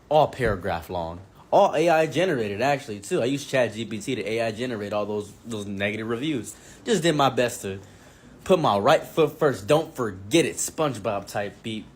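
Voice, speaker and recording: A man casually telling wild personal stories, animated and exaggerated, swinging between mumbled asides and excited outbursts. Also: medium pitch, brisk, breathy edge. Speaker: commentary streamer. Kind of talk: casual storytelling.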